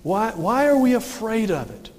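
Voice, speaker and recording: A male pastor delivering a folksy sermon, often asking questions and answering them himself. His voice sits high for a man. It carries a long reverb from a church sanctuary. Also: very animated, normal speed, darkish tone.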